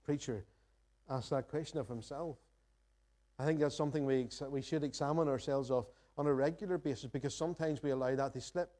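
Mellow-voiced man preaching a sermon. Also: medium pitch, a little fast. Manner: earnest, reflective preaching with rhetorical questions. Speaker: pastor. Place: church sanctuary.

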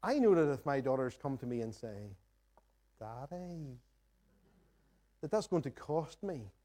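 Mellow-voiced man preaching a sermon. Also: medium pitch, big pitch swings, a little fast. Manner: earnest, reflective preaching with rhetorical questions. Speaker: pastor. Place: church sanctuary.

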